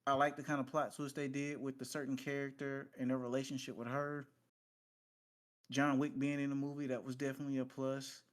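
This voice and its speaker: A man's voice: medium pitch, little pitch movement, brisk. Laid-back man giving a review. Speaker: podcast co-host. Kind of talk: casual chat.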